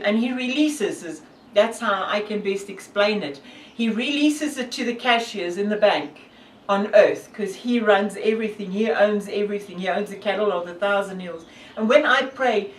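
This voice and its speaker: Speaking in a medium-pitched voice, a woman from South Africa with a South African accent, a hiker and vlogger, talks casually to camera, earnest and devout, with plenty of fillers. The rough recording is reverberant and distant, with a little hiss or hum.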